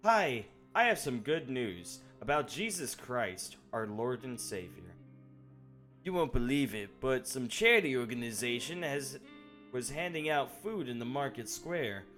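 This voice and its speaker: A man's voice: mid-range voice, sing-song, unhurried, fairly bright tone, soft background music. A man reading as a kind neighbor. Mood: earnest.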